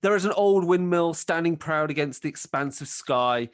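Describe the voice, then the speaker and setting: A man's voice: a little high, moderate pace, no echo, clean studio sound. A man narrating a tabletop game as game master, describing scenes in a rambling way with plenty of fillers.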